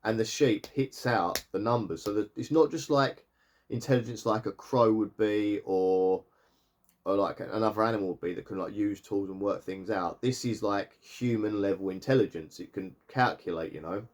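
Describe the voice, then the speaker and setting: A man's voice: on the low side, darkish tone. A man giving a casual, rambling recap of a TV episode, correcting himself as he goes. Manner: rambling, chatty retelling with quick self-corrections. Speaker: TV reviewer.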